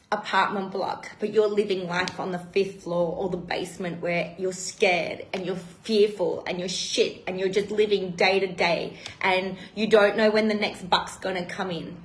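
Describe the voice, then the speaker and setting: A woman hosting a live stream, talking emotionally and bluntly with heavy swearing. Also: mid-range voice. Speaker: retreat host. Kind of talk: live-streamed personal talk. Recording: roomy echo.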